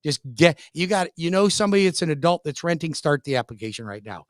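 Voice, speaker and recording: A man's voice: a little high, very animated, fast, no echo. Pushy folksy man with a dry studio sound. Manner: pushy, folksy and emphatic, repeats for emphasis. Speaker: radio show host and mortgage lender. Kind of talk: hard-sell radio pitch.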